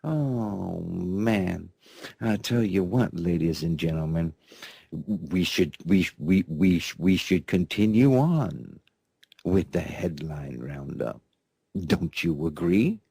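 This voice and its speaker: Gravelly, rambling male news host. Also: deep voice, lively intonation, slow pace, warm tone, no room sound. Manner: rambling, mocking, repeats himself. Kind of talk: sarcastic news commentary.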